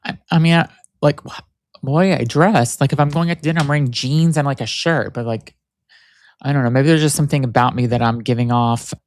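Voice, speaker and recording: Chatting on his solo podcast, a man rambles casually, full of fillers and restarts. His voice is medium-pitched, a little mellow and not very masculine, moving fairly quickly, with no room sound in the recording.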